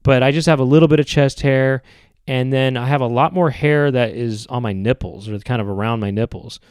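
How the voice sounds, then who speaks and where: A man hosting a podcast, rambling through a comedic monologue in a halting, hesitant way with many restarts and drawn-out phrases. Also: mid-range voice, darkish tone, smooth, no echo, clean studio sound. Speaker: podcast host.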